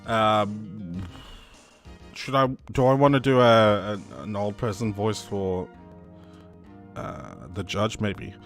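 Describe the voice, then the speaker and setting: A man's voice: on the low side, slow pace, gravelly, long pauses, soft background music. A young Australian man chatting casually as a gaming streamer, rambling and correcting himself as he reads the game aloud. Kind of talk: let's play commentary, reading the game aloud.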